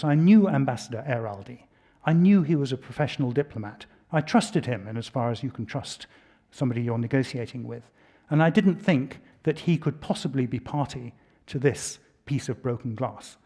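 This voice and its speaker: A middle-aged man from Britain speaks at a public lecture at an ordinary, mid-range pitch. He spins a long story, breaks off for dry asides, and restarts his sentences as he goes. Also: mellow. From United Kingdom.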